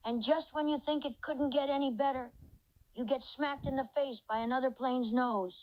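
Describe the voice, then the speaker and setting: A woman's voice: high-pitched, fairly even intonation, normal speed, dry recording, dull audio, lightly acted. A woman's synthetic voice playing a cheerful reindeer companion in an AI chat role-play, effusive and full of praise. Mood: amused. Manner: effusive, reads out its own laughter cues.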